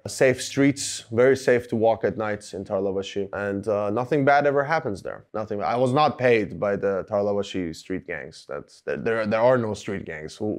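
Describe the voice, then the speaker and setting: A man's voice: fairly low pitch, a little mellow. A man hosting a film-review talk to camera, rambling with sarcastic jokes and asides. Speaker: show host reviewing films.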